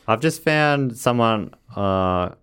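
A man hosting a podcast in casual chat, joking and quick to laugh. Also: medium pitch, lively intonation, fairly bright tone, clear, resonant tone. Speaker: podcast host.

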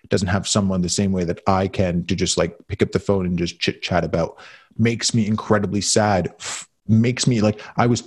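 A deep, husky man who is concussed speaks in a heartfelt, halting way. He stumbles and restarts often as he searches for words. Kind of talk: emotional conversation.

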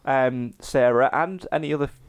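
A man's voice: medium pitch, moderate pace, clear, resonant tone. A man co-hosting a podcast, chatting casually and reading a fan post aloud, tripping over words as he goes. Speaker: podcast co-host.

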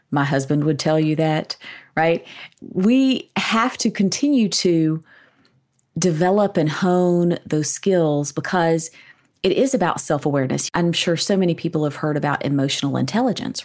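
Upbeat woman explaining, fairly low voice. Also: normal speed, darkish tone. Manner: upbeat, explanatory, frequent tag questions. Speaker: author and communication coach. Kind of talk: interview answer.

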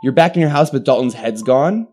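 A man's voice: mid-range voice, expressive, brisk, a little mellow. A man narrating as game master in a tabletop game, rambling with frequent restarts. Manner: rambling, full of restarts and fillers.

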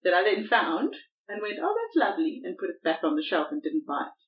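A woman co-hosting a podcast in casual chat, self-deprecating and quick to laugh. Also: fairly low pitch, highs cut off. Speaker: podcast co-host.

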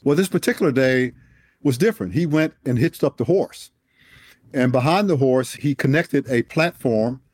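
A man in his sixties, a retired general, telling a personal story in an animated, emphatic way. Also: mid-range voice, normal speed, no echo, studio quality. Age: 60s. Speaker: guest, retired Air Force general. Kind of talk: storytelling in an interview.

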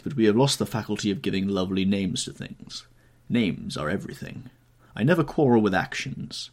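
A man voicing a languid aristocratic gentleman who drawls out witty paradoxes in an audiobook reading. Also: lowish voice.

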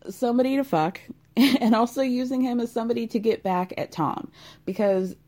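A woman's voice: mid-range voice, dark tone. A woman hosting a casual chat, recapping with sardonic, chatty asides. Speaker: podcast host recapping a reality show.

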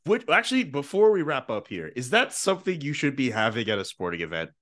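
A man's voice: medium pitch, big pitch swings, fast talker, fairly bright tone. A man hosting a podcast in casual chat, riffing and joking with his co-hosts. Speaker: podcast host.

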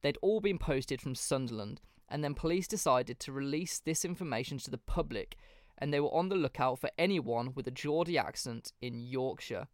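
A man's voice: mid-range voice, normal speed, few pauses, no echo, studio quality. A man hosting a podcast, narrating a case casually with plenty of swearing. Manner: casual, swears freely, reads from notes. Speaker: podcast host.

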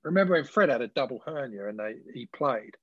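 A man's voice: medium pitch, expressive, slightly rough, dry recording, lo-fi sound. A man casually telling laughing anecdotes about his playing days. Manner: laughing anecdotes, quick asides. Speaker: podcast guest, former cricketer. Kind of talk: casual storytelling chat.

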